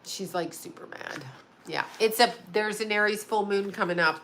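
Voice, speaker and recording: A woman's voice: medium pitch, moderate pace, a bit bright, slight background noise. A middle-aged woman hosting a casual live stream from her home, rambling and chatty, often laughing. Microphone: home video call setup.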